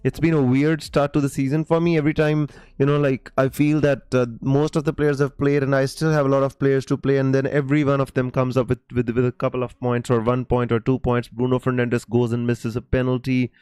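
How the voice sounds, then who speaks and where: A man's voice: mid-range voice, level tone, a little fast, hardly any pauses, a little mellow, clean tone, no echo. A man hosting a live stream, casually answering viewer questions with many fillers and restarts and calling people mate. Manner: reads viewer comments aloud.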